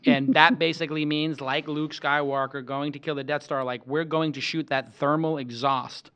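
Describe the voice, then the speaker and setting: A man hosting an interview show, chatting in an animated, playful, joking way. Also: a little high, normal speed, smooth. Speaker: podcast host. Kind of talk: casual interview talk.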